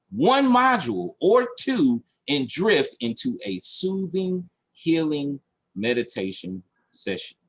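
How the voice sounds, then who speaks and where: A man coaching a training session over a video call, animated and repeating his points for emphasis. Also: a little high, slightly rough. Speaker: marketing coach. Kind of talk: recorded online training session.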